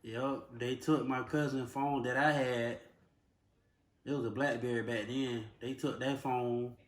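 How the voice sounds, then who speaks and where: A young man, telling a personal story in a plain, casual, drawn-out way. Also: medium pitch, fairly even intonation, roomy sound. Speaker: vlogger.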